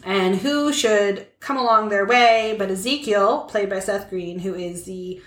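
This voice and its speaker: A woman's voice: mid-range voice, a little slow. Chatty woman podcast co-host, echoey room. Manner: chatty, lots of fillers and asides. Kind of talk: casual chat, summarizing a film plot.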